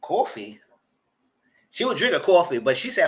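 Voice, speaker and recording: A man hosting a TV recap channel, retelling a story loudly and dramatically, with swearing and "girl" and "y'all" asides, sometimes squealing high voices for the people he quotes. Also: big pitch swings, moderate pace, pauses often. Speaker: channel host reviewing TV. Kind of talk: animated casual recap.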